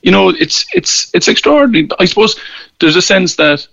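An Irish man with a gravelly voice, rambling wryly as a radio guest and stumbling over repeated words. He comes through a dull, muffled line that sounds dry and close. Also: high-pitched, very animated, brisk, a bit bright, no room sound. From Ireland. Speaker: newspaper columnist guest. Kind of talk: casual radio interview.

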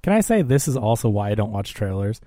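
A man's voice: fairly low pitch, big pitch swings, fast, warm tone, no echo, clean studio sound. A man in casual chat about a movie, opinionated and emphatic.

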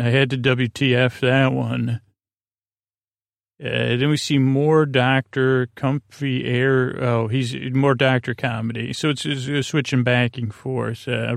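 A man hosting a sleep podcast, recapping an episode in a halting way, with many fillers and restarts as he quotes dialogue. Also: medium pitch, vocal fry, no echo, studio quality. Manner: retells dialogue in a flat quoting voice. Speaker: podcast host.

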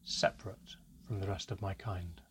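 Man voicing a calm, eerie female elf. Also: on the low side, a little hiss or hum, natural voice. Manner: calm, measured, deliberate pauses. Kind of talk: audiobook character reading.

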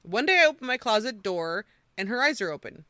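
A woman hosting a podcast, chatting casually and reading creepy stories aloud with animated quoting. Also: mid-range voice, fairly quick, dry recording. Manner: animated storyteller, quoting with voices. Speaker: podcast host.

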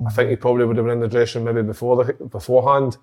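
A man's voice: mid-range voice, little pitch movement, racing, a little mellow. A man talking football as a pundit, making his points emphatically in casual chat.

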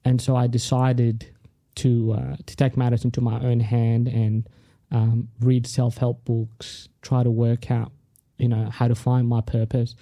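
A man, a comedian guest on a podcast, telling a story in a casual, animated way. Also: medium pitch, a little slow, hardly any pauses, dry recording, clean studio sound. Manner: animated storyteller who acts out other people's lines.

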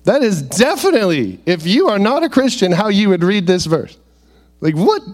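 A man with a high voice delivers a sermon and reads scripture aloud. He preaches in an animated way and keeps turning to his listeners with rhetorical questions. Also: brisk.

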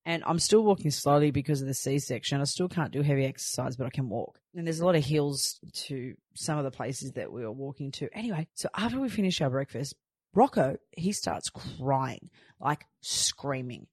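Chatty Australian woman, low dry voice. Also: expressive, normal speed, darkish tone, breathy edge, dry recording. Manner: chatty storytelling, acting out her own lines. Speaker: podcast host. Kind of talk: casual chat.

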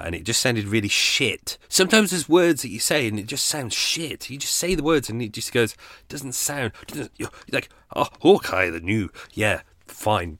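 A podcast host rambles through an unscripted chat, his voice worn by a sore throat and cold. He sits fairly low in pitch, and the sound is dry and close with no room echo. He trips over restarts and fillers with a self-deprecating air. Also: a bit bright.

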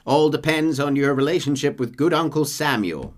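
A man playing a smooth-talking older con-man showman with a genteel, condescending drawl. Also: on the high side, moderate pace, close to an everyday voice.

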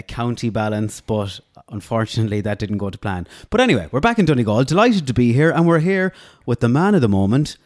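Teasing podcast host, low voice. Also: male voice, a little mellow, no room sound, studio quality. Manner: chatty, teasing. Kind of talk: casual podcast interview.

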